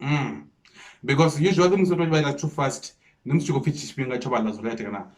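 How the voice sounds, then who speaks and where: A South African man reacting to a freestyle, explaining the lyrics line by line and repeating himself with excited disbelief. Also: medium pitch, brisk. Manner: repeats 'come on, man' with disbelief. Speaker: music reaction host. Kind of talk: casual reaction commentary.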